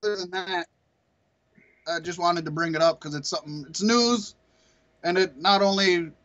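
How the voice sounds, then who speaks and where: A man co-hosting a podcast in loose, rambling chat. His voice sits quite high, and he swears freely and laughs often between thoughts. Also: moderate pace, fairly bright tone, lo-fi sound. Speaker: podcast co-host. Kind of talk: casual chat.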